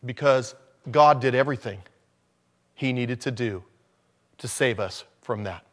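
A man preaching a conversational sermon, dropping to low murmurs and then rising to loud, emphatic lines. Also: a little slow. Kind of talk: sermon on evangelism.

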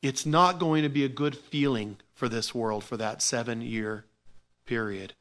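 A man preaching a sermon in an animated, informal way, going from loud exclamations to quiet asides, with repeated words and restarts. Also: mid-range voice, unhurried. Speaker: pastor.

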